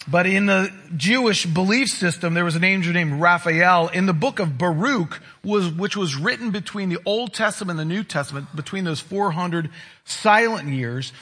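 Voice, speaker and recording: A man preaching a sermon as a pastor, teaching from the Bible expressively and emphatically with dramatic pauses. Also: sits high, bright, forceful tone.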